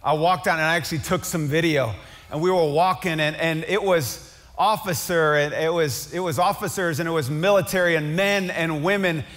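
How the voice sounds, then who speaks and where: A male pastor preaching with fervent swings between loud climaxes and hushed conversational asides. His voice sits high for a man. The sound carries the long reverb of a large church hall. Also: normal speed. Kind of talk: sermon.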